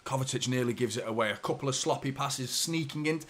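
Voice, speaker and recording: Lad reacting live to a match, swears loads, mutters nervously then yells when they score. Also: male voice, mid-range voice, quick pace, hardly any pauses. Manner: swearing, swings from anxious mutters to shouted celebration. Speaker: football watchalong host.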